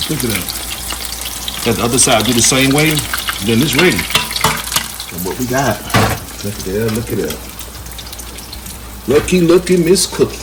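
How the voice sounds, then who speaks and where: Chatty man cooking over loud sizzle. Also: mid-range voice, animated, moderate pace, pauses often. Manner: chatty, folksy and playful, talks to the viewer as he works. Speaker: home cook and channel host. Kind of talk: casual cooking demonstration. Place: home kitchen. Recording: loud kitchen noise behind voice. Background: sizzling frying and clattering pots.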